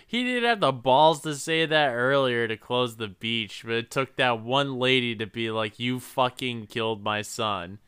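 Slow-talking man with a bright, clear voice. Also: medium pitch. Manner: laid-back, profane, joking asides. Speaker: podcast co-host. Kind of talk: casual movie recap chat.

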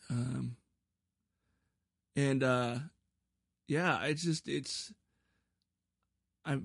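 A man's voice: mid-range voice, vocal fry, no room sound, clean studio sound. A man hosting his own podcast in a rambling, self-deprecating casual chat, often stumbling over his words. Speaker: podcast host.

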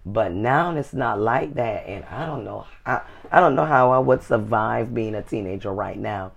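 A woman's voice: very deep voice, creaky, breathy edge, lo-fi sound. A middle-aged woman co-hosting a casual advice show, folksy and calling people "honey". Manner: folksy, says "honey" often, slow and drawn out. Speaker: co-host.

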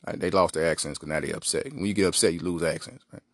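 Low-voiced man riffing on a podcast. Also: fast talker, no echo, clean studio sound. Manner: rambling, animated storytelling with asides. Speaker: podcast host. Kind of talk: comedic monologue.

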